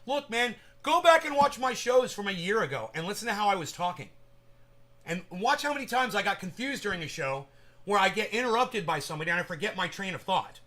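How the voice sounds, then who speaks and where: A man's voice: high-pitched, expressive, fairly quick, pushed and bright. A man hosting a livestream, rambling casually and with profanity while addressing viewers in chat by name. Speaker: livestream host.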